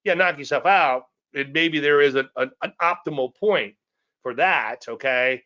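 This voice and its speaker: A man's voice: fairly high pitch, measured pace, bright, forceful tone, highs cut off. A man giving a live trading presentation in a conversational, digressive way, often repeating phrases and chuckling at his own asides. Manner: repeats phrases and restarts sentences. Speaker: trading educator hosting a live weekly show.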